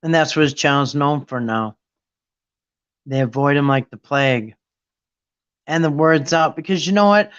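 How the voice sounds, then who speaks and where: A man's voice: fairly high pitch, normal speed, long pauses, fairly bright tone, smooth, lo-fi sound. A man hosting a casual live stream, talking in an indignant, mocking way and rambling with restarts. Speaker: livestream host.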